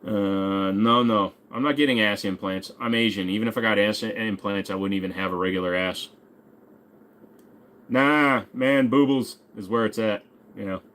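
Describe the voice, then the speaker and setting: A man's voice: fairly low pitch, moderate pace, a bit bright, slight background noise. A man in his forties hosting a casual livestream, reading out viewer questions and joking back in a laid-back way with some swearing. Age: 40s. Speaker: host.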